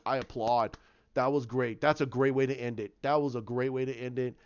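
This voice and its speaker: A man reviewing a TV episode in a casual vlog, excitable and ranting, repeating himself as he makes his points. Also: mid-range voice, fairly quick, smooth. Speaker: TV show reviewer. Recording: dull lo-fi sound.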